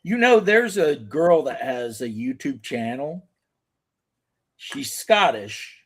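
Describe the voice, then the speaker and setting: Male co-host, easygoing rambling joker, average pitch, casual banter. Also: sing-song, slow pace, a bit bright, slightly rough. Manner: rambling, joking, says frickin' a lot. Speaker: podcast co-host. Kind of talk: casual chat.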